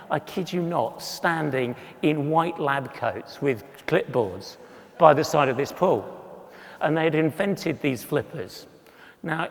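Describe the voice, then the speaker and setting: Slow, lively-voiced man speaking in a hall. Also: on the high side, vocal fry. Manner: humorous, self-deprecating, acts out voices in anecdotes. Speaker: conference speaker. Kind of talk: storytelling talk with slides.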